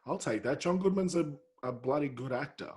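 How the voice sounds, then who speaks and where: A man with an Australian accent hosting a podcast, effusive and quick to laugh, often repeating himself as he talks. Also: medium pitch, lively intonation, darkish tone, husky. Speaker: podcast host. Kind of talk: casual interview chat.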